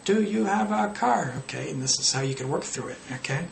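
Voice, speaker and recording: Brief: male language teacher, relaxed explaining style, gravelly voice, echoey room with faint noise. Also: fairly quick. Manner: explains casually, acts out student errors with pitch jumps. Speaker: English teacher. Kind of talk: teaching tips to camera. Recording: roomy echo with faint noise.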